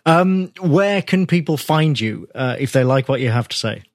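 Male podcast host, wry and brief, very animated intonation. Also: medium pitch, normal speed, no room sound, clean studio sound. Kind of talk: casual interview chat.

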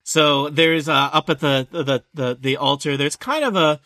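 A man's voice: a little high, a little slow, bright, forceful tone, no room sound, clean studio sound. A man narrating a tabletop game as game master, rambling with fillers. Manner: rambling, many fillers and restarts.

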